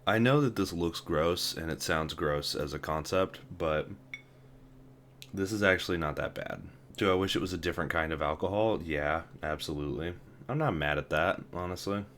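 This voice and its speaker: Low-voiced wry young man vlogging. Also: lively intonation, normal speed, a bit bright, slight background noise. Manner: wry, self-deprecating, laughs often. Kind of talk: casual vlog.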